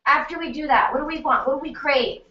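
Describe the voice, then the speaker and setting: A woman health practitioner leading a lively workshop lecture, firing questions at her audience in an animated way. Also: high voice, quick pace. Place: event room in New York City. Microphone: distant room mic. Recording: echoey room, distant mic, muffled, faint noise.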